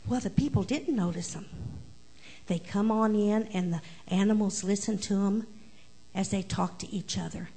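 A woman giving the children's message at church, telling a story in a lively, animated way. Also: medium pitch, moderate pace, breathy edge.

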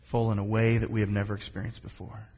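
A pastor closing his sermon and leading a prayer in an earnest, unhurried, softly prayerful way. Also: fairly low pitch, completely flat delivery, breathy edge, highs cut off.

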